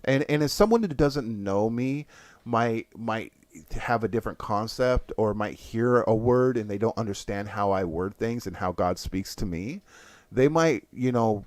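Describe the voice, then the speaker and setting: A man's voice: fairly low pitch, a little mellow, dry recording. A man giving a conversational Christian teaching, speaking earnestly to his listeners as "guys" and often restarting his phrases.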